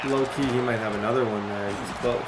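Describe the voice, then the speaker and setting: A young man giving casual commentary while he plays a football game, rambling and hard on himself, then yelling when a play goes his way. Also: lowish voice, fairly quick, a loud crowd. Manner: rambling, self-critical, bursts into excited yelling. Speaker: gaming youtuber.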